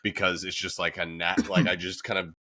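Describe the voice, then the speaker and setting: A man's voice: deep voice, steady tone, a little fast, sharp tone, no room sound. A man hosting a podcast, chatty and laughing often, with lots of fillers. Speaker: podcast host. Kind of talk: casual podcast conversation.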